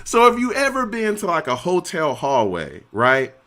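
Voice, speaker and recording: A man streaming, telling a story in an animated, slangy way and laughing often. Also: on the high side, normal speed, slight background noise. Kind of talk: casual storytelling.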